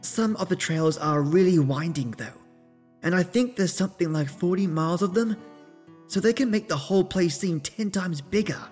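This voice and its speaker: A man voicing a carefree, playful young woman who talks in a high, insistent, girlish way. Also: moderate pace, a little mellow, soft background music, lightly acted.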